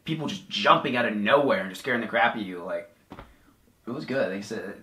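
A man casually reviewing a haunted attraction, excited and rambling with lots of "like". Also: lowish voice, fast, echoey room.

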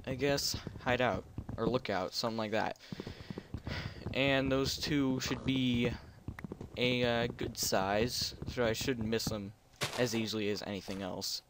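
Slightly slow and steady in tone, a mid-range male voice offers loose gameplay commentary, wandering and doubtful and poking fun at himself while describing what he sees. Background noise runs through the recording.

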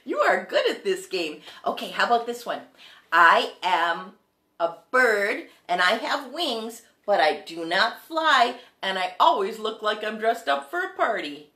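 A woman's voice: medium pitch, very animated, unhurried. A woman hosting a children's music show, singing songs and teaching about animals, encouraging the kids as her friends. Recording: echoey room with loud guitar.

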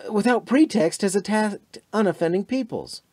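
A man's voice: high-pitched, wildly swooping pitch, fairly quick, mellow, dry recording, pitched above the performer's own voice, exaggerated voice. A man reading the lines of an appalled, earnest American pilot in an audiobook, with impassioned force.

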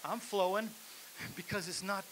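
High-voiced man preaching a sermon. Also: steady tone, moderate pace. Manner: exhorting the congregation, building to shouts. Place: church sanctuary. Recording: hissy live church recording.

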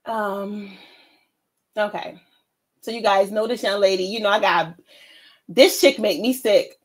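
An American woman hosting a casual chat, telling a story in a brash, animated, roasting way. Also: mid-range voice, measured pace, low-quality recording. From United States. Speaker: livestream host.

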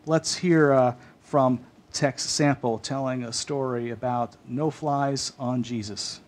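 A man hosting a faith talk show, halting and full of fillers. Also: mid-range voice, steady tone. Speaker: host.

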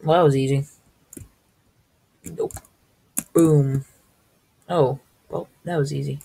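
Brief: woman streamer commentary, low husky voice, unhurried, excitable outbursts. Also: rough recording. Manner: excitable, gasping and exclaiming. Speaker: gaming video host. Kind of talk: casual let's-play commentary.

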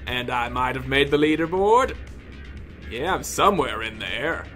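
A man commentating his own gameplay, yelling and cursing at the game in frustration, with mock-pompous outbursts. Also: medium pitch, expressive, unhurried, faint music behind.

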